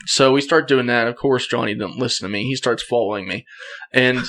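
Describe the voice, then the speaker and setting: As a podcast guest, a young man tells a story in a casual, animated way, acting out quoted lines and laughing a lot. His voice sits in a normal middle range, and he speaks briskly.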